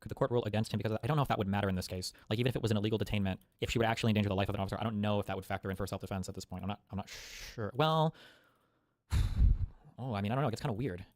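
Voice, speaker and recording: Male streamer, very fast and argumentative, profane, dry close-mic sound. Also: on the low side, no room sound. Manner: rapid, profane, argumentative, thinking aloud. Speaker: live streamer reacting to chat. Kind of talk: live reaction commentary.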